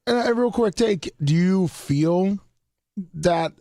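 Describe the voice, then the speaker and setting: Gravelly-voiced man hosting sports talk. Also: sits high, lively intonation, mellow, no echo, studio quality. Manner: halting, with many restarts and fillers. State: voice worn from yelling. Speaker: sports talk show co-host. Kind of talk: casual sports talk chat. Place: radio studio.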